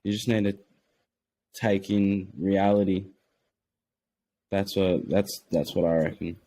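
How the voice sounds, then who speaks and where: A teenage man whose voice sits fairly low. He speaks as a podcast guest in loose, eager chat, tripping over restarts as his thoughts run ahead of him. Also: steady tone, slow pace, dark tone. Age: teens. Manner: eager, rambling with frequent restarts. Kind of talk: casual conversation.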